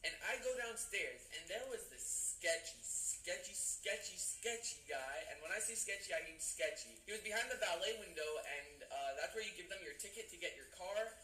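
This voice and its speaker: A young man, a vlogger, telling a story to his viewers in an excitable way, repeating words for emphasis. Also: sits high, normal speed, hardly any pauses, soft background music. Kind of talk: animated storytelling to camera. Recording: roomy, slightly distant, faint ambience.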